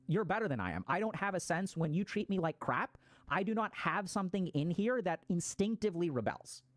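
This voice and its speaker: A man's voice: high-pitched, no echo. Casual, cursing man explaining trauma. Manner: casual, swears freely, acts out quoted reactions. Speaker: mental health explainer. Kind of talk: explanatory talk.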